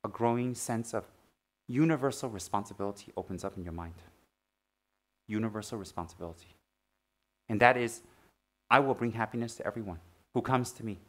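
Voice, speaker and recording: A man's voice: on the low side, brisk, pauses often. Playful Buddhist teacher, man. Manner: playful, teasing, swings from loud animated jokes to soft earnest teaching. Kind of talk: Dharma talk.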